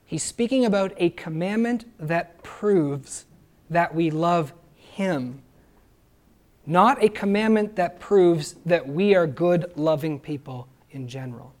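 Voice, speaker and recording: A man preaching a sermon, earnest and emphatic, often pausing to ask his listeners rhetorical questions. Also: fairly high pitch. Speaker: pastor.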